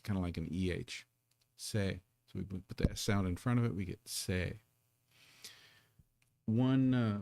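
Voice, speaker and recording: A man teaching a live online Korean lesson, patiently explaining and sounding out syllables slowly. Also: low voice, gravelly, darkish tone, dry recording.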